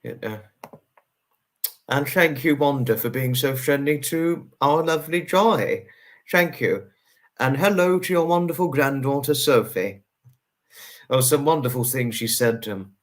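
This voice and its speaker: Speaking at an ordinary medium pitch, this male livestream host works through his chat, welcoming and thanking viewers one by one. He gushes and repeats himself, lingering slowly over each name.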